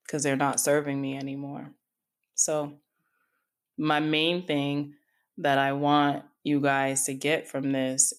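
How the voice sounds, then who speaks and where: A middle-aged woman hosting a solo podcast, talking candidly and confidingly and speaking straight to her listeners. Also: rumbling low. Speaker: podcast host and coach. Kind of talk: reflective solo podcast talk.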